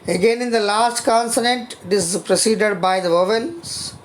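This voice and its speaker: A college lecturer giving a grammar lesson on spelling rules, speaking haltingly, restarting phrases and spelling words out letter by letter. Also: medium pitch, animated, a little hiss or hum.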